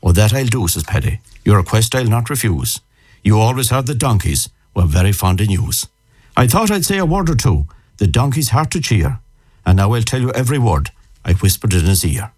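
An Irish man co-presenting a radio show, chatting and reciting a comic ballad in a lively storytelling way. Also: on the low side, brisk, husky.

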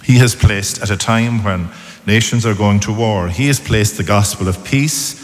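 A man, a priest, giving a measured sermon in short phrases in a church. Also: on the low side. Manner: measured, calm homily delivery in short phrases. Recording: long church reverb.

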